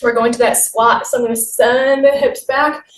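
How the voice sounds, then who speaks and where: A woman's voice: on the high side, fairly even intonation, normal speed. A woman leading a guided exercise class, giving upbeat, encouraging cues while she moves along. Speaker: fitness instructor. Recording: roomy, distant mic with faint noise.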